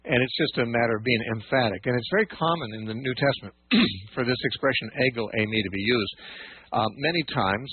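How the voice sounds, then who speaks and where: A man's voice: medium pitch, lively intonation, fairly quick, breathy edge, no echo. A man hosting a call-in radio show, patiently explaining scripture with frequent fillers and restarts. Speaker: radio Bible teacher and call-in host. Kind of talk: call-in radio Bible teaching. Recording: dry phone-like radio audio.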